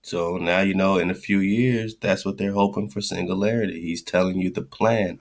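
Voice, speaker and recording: Very deep, gravelly man. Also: fairly even intonation, normal speed, hardly any pauses. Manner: blunt, slangy, profane, repeating his points. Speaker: radio show host. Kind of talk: commentary on a played clip.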